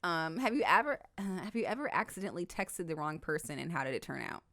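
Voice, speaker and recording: A woman's voice: deep voice, very animated, fast talker, bright, forceful tone, no room sound, studio quality. A woman co-hosting a podcast in casual chat, playful and teasing, laughing often. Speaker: podcast co-host.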